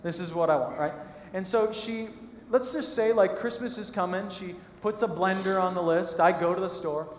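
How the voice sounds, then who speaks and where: A man's voice: sits high, normal speed, slight background noise. A man in his thirties preaching a sermon as pastor, talking conversationally and acting out little scenes. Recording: echoey hall with long reverb.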